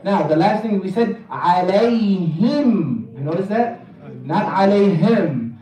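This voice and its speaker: A man teaching Quran recitation at a mosque workshop, drawing words out slowly for the class to repeat and joking with them as he goes. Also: high-pitched, warm tone. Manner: demonstrates words slowly, jokes and laughs with the class. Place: mosque hall. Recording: echoey hall, mic from far off.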